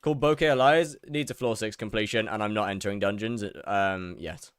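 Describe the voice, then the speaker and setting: A man's voice: fairly low pitch, fairly even intonation, brisk, clear, resonant tone, no echo, clean studio sound. A young man chatting casually while he streams a game, rambling, repeating words and answering his chat.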